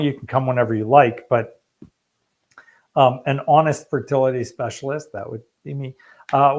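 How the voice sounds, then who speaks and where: A man who is a fertility specialist, answering viewer questions in a casual, joking live stream and reading study titles aloud. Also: medium pitch.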